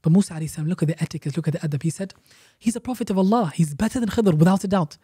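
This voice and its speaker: A man's voice: high-pitched, animated, rapid-fire, mellow, slightly rough, no room sound, clean studio sound. A man, an Islamic teacher guest on a podcast, explaining a religious story emphatically with rhetorical questions and repeated phrases.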